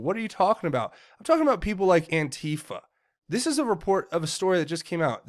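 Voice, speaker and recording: A man giving heated political commentary, indignant and often stumbling and repeating words. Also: a little high.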